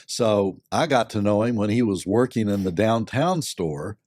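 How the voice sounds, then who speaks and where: An older man, a company board member and lawyer, giving measured, thoughtful answers with many pauses and fillers. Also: fairly low pitch, a little mellow, no room sound, clean studio sound. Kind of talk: reflective interview answers.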